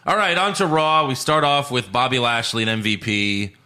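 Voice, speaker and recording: A man hosting a casual podcast chat, recapping events, swearing freely and breaking into quick impressions. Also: mid-range voice, steady tone, bright, forceful tone. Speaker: podcast host.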